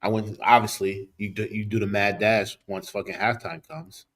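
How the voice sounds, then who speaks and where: A man with a fairly low voice talks in loose podcast banter, full of swearing and street slang. His delivery is blunt and casual, and he is recorded in a studio. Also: level tone, normal speed, a bit bright. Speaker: podcast co-host. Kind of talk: casual chat, storytelling.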